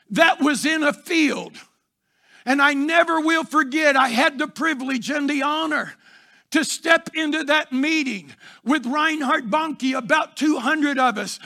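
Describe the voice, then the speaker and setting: A middle-aged pastor, preaching fervently in a church with shouted emphasis and repetition. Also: male voice, extremely high pitch, gravelly. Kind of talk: sermon. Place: church sanctuary.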